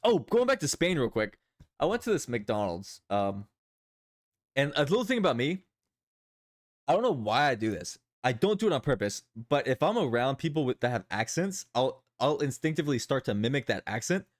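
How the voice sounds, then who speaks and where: A man's voice: medium pitch, big pitch swings, moderate pace. A man streaming live, chatting casually and rambling, often repeating his own phrases.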